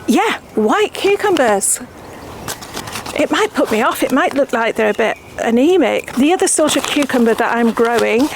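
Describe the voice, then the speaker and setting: A woman's voice: fairly high pitch, background noise. A woman hosting her gardening channel, chatting casually and mocking herself as she sows seeds outdoors, sometimes dropping to a whisper while she works. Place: outdoor garden beside raised beds.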